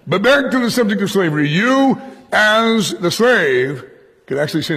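A man with a raspy, breathy voice preaches a study, his pitch leaping up for emphasis and dropping low for asides. He talks to the congregation directly, checking that they follow. His words ring out with long reverb in a large hall. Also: very animated, brisk, fairly bright tone. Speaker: pastor. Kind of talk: verse-by-verse Bible teaching sermon.

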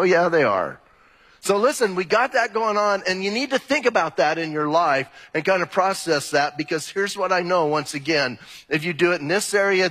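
A man preaching a sermon as pastor, conversational and animated, firing direct questions at his congregation. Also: on the high side, husky. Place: church hall. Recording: long hall reverb.

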